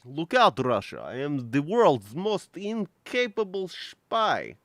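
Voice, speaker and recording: A blustering mock-Russian tough guy, put on by a man, with clipped broken grammar and a lively, swooping delivery. He speaks slowly and drags his words with gruff swagger. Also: a little high, voice pushed down, full character voice. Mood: boastful.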